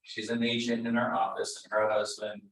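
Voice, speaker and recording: A man with a Californian accent coaching in a casual, blunt and animated way, retelling stories with quotes. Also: on the low side, normal speed. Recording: echoey room, voice from far off.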